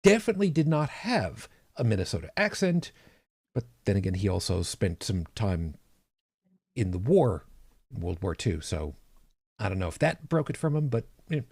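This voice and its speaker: A man's voice: fairly low pitch, normal speed, breathy edge, dry recording, studio quality. A man co-hosting a podcast in casual chat, stopping to explain things to listeners. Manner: animated, explains asides to listeners. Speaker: podcast co-host.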